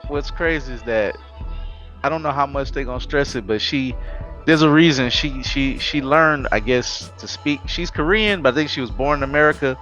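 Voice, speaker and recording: Man, anime podcast co-host, bright forward tone, slangy animated banter, music faint behind. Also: medium pitch, normal speed, highs cut off. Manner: animated, slangy, jumps into quoted voices. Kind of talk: casual anime chat.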